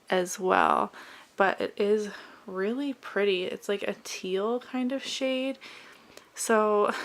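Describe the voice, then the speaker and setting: A young woman vlogger chatting casually as she goes through her makeup, rambling and friendly. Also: mid-range voice. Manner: chatty, rambling product commentary. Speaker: beauty vlogger. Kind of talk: casual makeup declutter chat.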